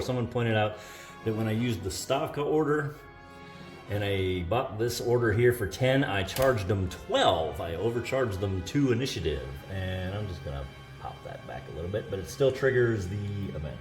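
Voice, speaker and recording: A man with a fairly low voice talks through a board wargame turn on his own, tallying modifiers aloud and pausing on "uh"s. His voice rings around an echoey room, with faint music in the background. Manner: thinking aloud, counting up modifiers with many "uh"s. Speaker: host of a board wargame playthrough. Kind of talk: solo tabletop game commentary.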